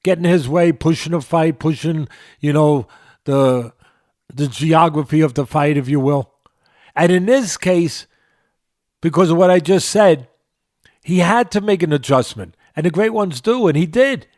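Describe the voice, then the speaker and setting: A man's voice: on the high side, a little slow, a little mellow, dry recording, studio quality. A man in his sixties with a New York accent, breaking down a boxing match as a podcast host, emphatic and repeating phrases for emphasis. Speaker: boxing trainer and show host. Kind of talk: boxing analysis podcast talk.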